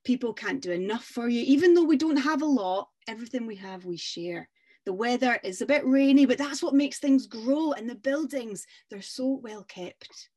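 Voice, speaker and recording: A polite, cheerful traveller, as a woman storyteller plays them, speaking courteously and with warmth. The voice is a little higher and lively, as in a spoken folk tale. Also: normal speed. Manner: polite, warm, enthusiastic.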